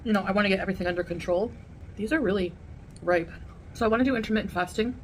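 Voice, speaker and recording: A woman vlogger chatting casually to her viewers while eating a meal, rambling and pausing to chew. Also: mid-range voice, a little hiss or hum. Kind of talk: casual eating vlog chat.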